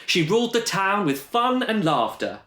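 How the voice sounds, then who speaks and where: Lively man telling a rhyming tale. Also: sits high, moderate pace. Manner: playful, lively sing-song delivery. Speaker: storyteller. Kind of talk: rhyming panto-style storytelling. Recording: roomy echo.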